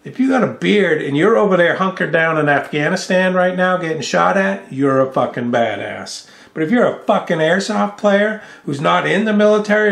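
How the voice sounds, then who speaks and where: A man's voice: high-pitched, vocal fry, echoey room. A man ranting angrily in a profane home vlog, cursing and mocking someone as he talks into a studio microphone. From United States. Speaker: vlogger. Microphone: studio microphone with mixing board.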